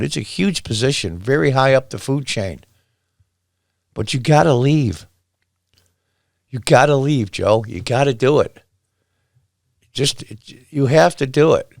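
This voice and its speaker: A man hosts a solo commentary show, reading news items and breaking off into incredulous, sarcastic rants. His voice sits at an ordinary middle pitch. The sound is close and dry, with no room around it. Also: dry recording. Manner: exasperated, sarcastic, incredulous outbursts. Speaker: political commentary host.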